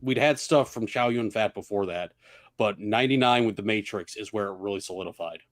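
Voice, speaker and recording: A man's voice: on the low side, a little fast, dry recording, studio quality. A man co-hosting a casual podcast stream, talking about movies in an opinionated, sardonic way and swearing casually. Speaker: podcast co-host. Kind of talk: casual chat.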